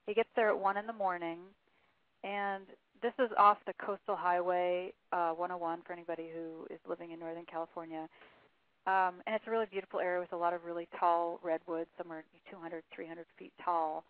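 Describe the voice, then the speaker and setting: A woman's voice: lowish voice, little pitch movement, fairly quick, no room sound. A woman guest on an interview, telling a story at length and reading quotes aloud, with frequent fillers, heard over a phone line. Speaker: author guest. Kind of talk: phone interview, recounting a case.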